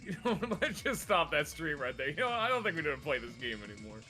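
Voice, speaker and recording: A young man with a bright, ringing voice and a slightly high pitch, joking through a gameplay chat in a quick-to-laugh, excitable way. Faint game music sits underneath his talk. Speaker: let's play host.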